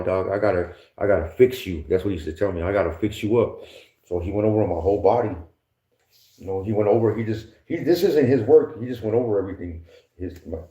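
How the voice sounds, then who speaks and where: In an echoey room with dull lo-fi sound, a podcast guest casually tells prison stories. His voice is mellow and on the low side, and he uses heavy slang and profanity, laughing and mimicking others often.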